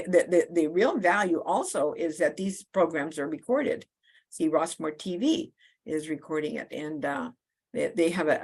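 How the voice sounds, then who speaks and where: Halting woman moderator, lowish voice. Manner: halting, with many fillers and repeated words. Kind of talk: closing remarks on a video call. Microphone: video call.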